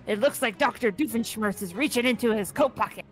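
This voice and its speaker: Hammy pirate captain announcer played by a woman, high voice, faint music under her. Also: a little fast, natural voice, low-quality recording. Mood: boisterous. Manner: hammy pirate accent, breaking into giggles. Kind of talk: reading an AI battle narration aloud.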